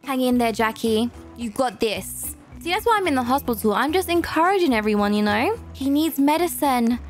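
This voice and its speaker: A young woman giving playful, excitable commentary while playing a hospital role-play game, chatting and exclaiming often. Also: high-pitched, moderate pace, faint music behind. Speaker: gaming YouTuber.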